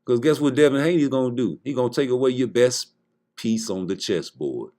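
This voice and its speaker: A man's voice: medium pitch, brisk, mellow. A man giving heated, profane boxing commentary in a casual rant, blunt and repeating points for emphasis.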